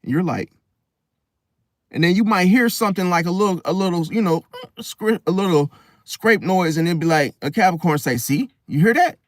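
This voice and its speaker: A man's voice: high-pitched, moderate pace, no echo, studio quality. A man ranting bluntly in a casual monologue as host, swearing and acting out quoted voices. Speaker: astrology channel host.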